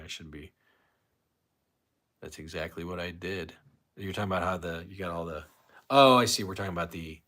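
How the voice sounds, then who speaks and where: A man's voice: deep voice, a bit bright. A man hosting a casual live stream, rambling, restarting his sentences and reading viewer comments aloud.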